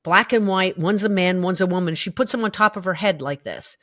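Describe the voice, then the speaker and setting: A woman's voice: on the low side, brisk, fairly bright tone, no room sound, studio quality. A woman, a podcast guest, telling a personal story in an interview, vividly and emotionally, with restarts and acted-out quotes.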